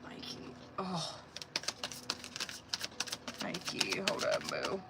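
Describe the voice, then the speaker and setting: A woman's voice: fairly low pitch, expressive, unhurried, creaky, pauses often, a bit bright, slight background noise. Slangy, profane woman with a sore throat. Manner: casual and profane, slangy, laughs often. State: sore throat, talking softly. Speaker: tarot reader. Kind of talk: casual live-stream chat.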